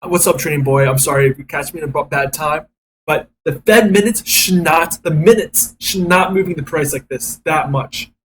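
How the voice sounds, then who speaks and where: A man's voice: a little high, normal speed, slight background noise, rough recording. A man day trading on a live stream, talking to his chat and cursing at the market in frustration. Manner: frustrated, swearing, talks to chat.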